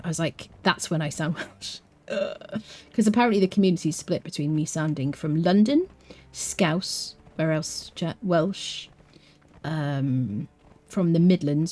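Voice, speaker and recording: A woman's voice: deep voice, warm tone. A young woman from the United Kingdom chatting with her viewers as she streams a game live. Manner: chatty, talks to viewers in chat. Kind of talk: live-streamed gameplay commentary.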